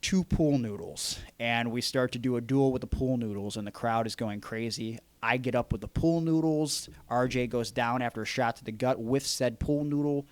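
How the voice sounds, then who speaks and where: Male podcast host; animated, profane storyteller; dry, close recording. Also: mid-range voice, no room sound. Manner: animated, excitable, swears freely. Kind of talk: casual storytelling.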